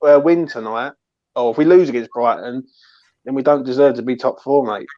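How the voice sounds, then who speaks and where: A man's voice: medium pitch, moderate pace, a little mellow, dry recording. A man giving passionate, emphatic opinions as a guest pundit on a live fan show. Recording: dry, dull lo-fi mic.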